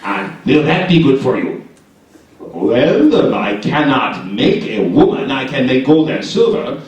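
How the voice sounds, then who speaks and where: A man voicing a slow, ominous male jinn spirit in a live shadow puppet show, speaking with deliberate, teasing menace. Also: medium pitch, sing-song, darkish tone, highs cut off. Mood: scheming. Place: large echoey library hall, live show. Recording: echoey hall, picked up from far off.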